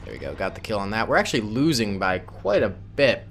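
Lively, jokey man doing game commentary. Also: on the low side, brisk, a little hiss or hum. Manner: playful, jokey, talks to viewers as "boys". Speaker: gaming YouTuber. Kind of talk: casual gameplay commentary.

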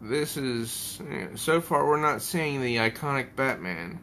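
A man's voice: medium pitch, expressive, measured pace, pushed and bright, slight background noise. A man giving a casual comic book review at home, rambling and thinking aloud as he pages through an issue.

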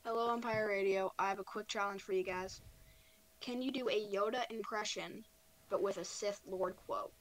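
A woman's voice: medium pitch, steady tone, normal speed, poor audio. Upbeat woman leaving a voicemail. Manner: brief and upbeat. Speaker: voicemail caller. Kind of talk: recorded voicemail message.

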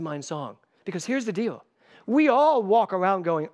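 A man in his sixties, a spiritual director giving a sermon, who tells stories with sudden loud bursts and hushed asides and repeats key phrases for emphasis. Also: high voice, animated, moderate pace. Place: church stage before a live congregation.

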